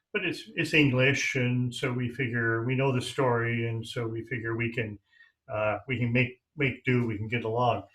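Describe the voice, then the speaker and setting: A man hosts a conversational interview. He asks his questions haltingly, circling and restarting as he works out what he wants to say. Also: medium pitch, fairly bright tone. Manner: hesitant, restarts questions, thinks aloud. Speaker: podcast host.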